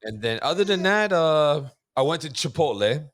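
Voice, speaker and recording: A man's voice: fairly high pitch, lively intonation, moderate pace, fairly bright tone, no room sound, clean studio sound. A man co-hosting a podcast, a father telling funny everyday stories in a casual, profane way. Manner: storytelling, profane, laughing easily. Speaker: podcast co-host. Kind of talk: casual chat.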